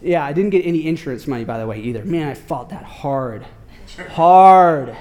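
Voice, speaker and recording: A man preaching a casual sermon, telling a story in an animated, slangy way with lots of filler words. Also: medium pitch, quick pace. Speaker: pastor.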